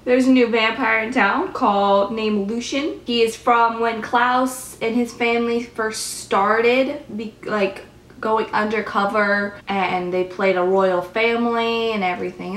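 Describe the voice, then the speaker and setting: A woman's voice: fairly high pitch, fairly even intonation, a bit bright, roomy sound, a little hiss or hum. Chatty young woman recapping episodes. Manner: chatty, acts out characters' lines in quick bursts. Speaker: vlogger reviewing TV episodes.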